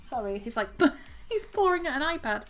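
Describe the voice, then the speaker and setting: A woman's voice: sits high, very animated, moderate pace, a bit bright, soft background music. A woman with a southern English accent, chatting casually with her audience while crocheting on a live stream, laughing often and talking to her cat. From southern England. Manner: chatty, giggly, talks to her cat and reads chat aloud. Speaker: craft streamer.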